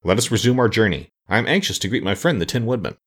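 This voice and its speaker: A man voicing a kindly, wise male scarecrow king for a storybook reading, in a gentle, thoughtful manner. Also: fairly low pitch, expressive, fast. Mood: reflective.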